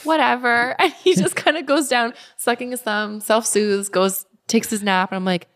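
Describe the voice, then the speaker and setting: A woman in her thirties, a guest telling stories in casual, animated chat, often restarting her sentences. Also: on the high side, moderate pace. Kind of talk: casual conversational storytelling.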